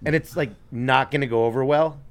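A man with a mid-range voice co-hosts a casual podcast. He talks in a relaxed, halting way and chuckles often. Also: mid-range voice. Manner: laid-back, chuckling, hesitant. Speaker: podcast co-host. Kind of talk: casual chat.

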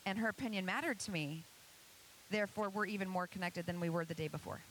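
A woman gives an earnest, motivational church presentation to an audience, posing lots of rhetorical questions. Her voice is fairly low in pitch yet fairly bright in tone, and she speaks quickly. The recording is low in quality, with slight background noise.

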